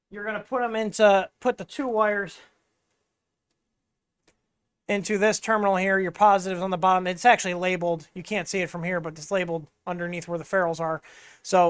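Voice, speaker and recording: A high-pitched man with a smooth, fairly bright tone hosts a casual hands-on tech livestream. He works on hardware and explains it as he goes, rambling with many fillers into a wireless mic. There's no room sound.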